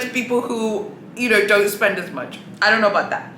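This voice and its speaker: A woman's voice: mid-range voice, brisk, fairly bright tone, reverberant, slight background noise, rough recording. A woman vlogger giving sassy, chatty commentary and calling people "honey" and "boo-boo". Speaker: luxury handbag vlogger. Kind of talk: casual opinionated commentary.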